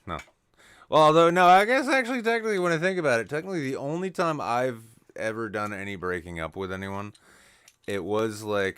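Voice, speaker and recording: A man with a low, resonant voice trades crude jokes on a live podcast. He rambles into self-mocking, deadpan asides. The sound is dry and close. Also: clean tone, no room sound. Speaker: podcast co-host. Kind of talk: crude comedic banter. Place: studio, live stream.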